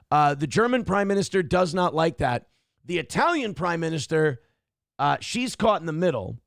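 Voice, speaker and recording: A man's voice: a little high, sing-song, moderate pace, gravelly, no room sound, clean studio sound. A man hosting a morning show, giving blunt, profane and sarcastic commentary on the news.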